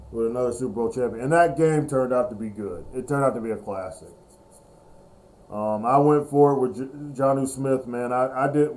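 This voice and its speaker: Emotional gaming host man, mellow tone. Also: medium pitch. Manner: emotional, repetitive, breaks into drawn-out cheers. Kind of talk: excited gameplay commentary.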